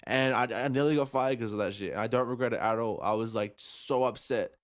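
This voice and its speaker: A man telling a profane, animated story as a podcast co-host in casual chat. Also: mid-range voice, a little fast.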